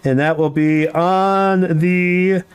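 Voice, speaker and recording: A man's voice: high voice, steady tone, extremely slow, clean tone. Rambling man running a tabletop game. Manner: rambling, restarts often. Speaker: game master. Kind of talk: narrating a tabletop game over a video call.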